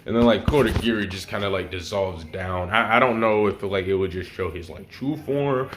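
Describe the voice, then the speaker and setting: A man's voice: lowish voice, moderate pace, fairly bright tone. A young man casually retelling a fan story in heavy slang, rambling, swearing and making sound effects.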